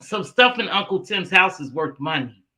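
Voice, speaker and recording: Woman livestream host, bright voice, animated casual chat, loud excited bursts. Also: fairly low pitch, moderate pace, low-quality recording. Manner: animated, shouting and laughing when excited.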